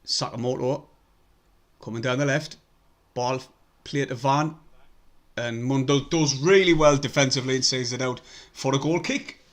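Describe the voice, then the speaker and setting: A man's voice: medium pitch, moderate pace. Young man, fan stream host, blunt and sweary, mutters then erupts. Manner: blunt and sweary, mutters and sighs between excited bursts. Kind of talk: casual live match commentary.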